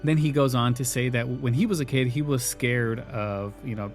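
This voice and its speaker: A man's voice: medium pitch, soft background music. Laughing male podcast host recapping a show. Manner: retells scenes with quick acted quotes, laughs often. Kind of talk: casual recap chat.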